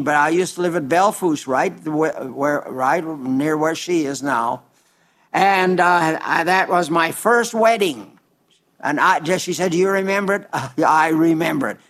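High-voiced man in his nineties preaching. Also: a bit bright. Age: 90s. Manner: slow, earnest, dwells on repeated words. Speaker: pastor. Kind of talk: broadcast sermon reading viewer letters. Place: South Dakota.

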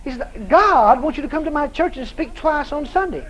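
A man's voice: extremely high pitch, expressive, moderate pace, fairly bright tone, muffled recording. A male preacher telling a story in a sermon, acting out both sides of the conversation and often laughing as he tells it.

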